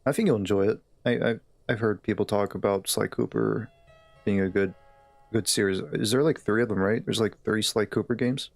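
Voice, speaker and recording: A man's voice: on the low side, fairly even intonation, moderate pace, dry recording. A man live-streaming a game, chatting in a laid-back, easygoing way with his viewers. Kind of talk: casual live-stream chat.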